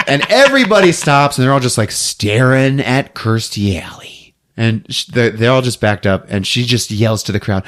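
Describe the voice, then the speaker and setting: Animated man retelling a movie. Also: medium pitch, moderate pace. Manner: animated, laughing, acting out characters. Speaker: podcast host. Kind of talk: casual movie recap.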